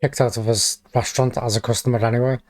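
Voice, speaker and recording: A man's voice: medium pitch, flat delivery, fast, darkish tone, slight background noise. A man hosting a reaction video, talking casually over the clips with lots of "like" as filler. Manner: chatty, leans on the filler "like".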